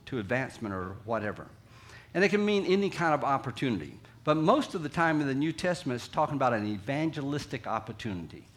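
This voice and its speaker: A man preaching a sermon to his congregation in a conversational way, dropping low and quiet, then acting out quotes loudly. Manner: conversational, acts out quotes with big swings from quiet to loud. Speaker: pastor. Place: church sanctuary.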